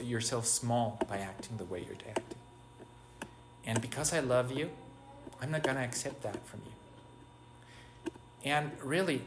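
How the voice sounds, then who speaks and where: A man preaching an informal spiritual meditation, halting often, restarting phrases and asking rhetorical questions. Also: medium pitch, a bit bright, a little hiss or hum. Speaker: preacher giving a spiritual talk. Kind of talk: informal sermon, spoken meditation.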